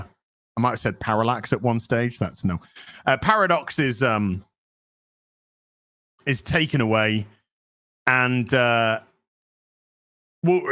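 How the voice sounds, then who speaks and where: Bright-voiced man recapping a film. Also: mid-range voice. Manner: excited, profane storytelling with many fillers. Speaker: podcast host. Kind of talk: casual movie recap chat.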